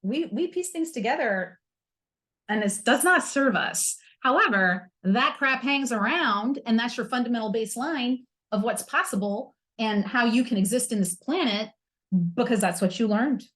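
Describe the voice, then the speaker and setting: A woman's voice: fairly high pitch, normal speed, fairly bright tone. A woman hosting a self-help podcast, talking candidly and with humor, using playful slang. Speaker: podcast host.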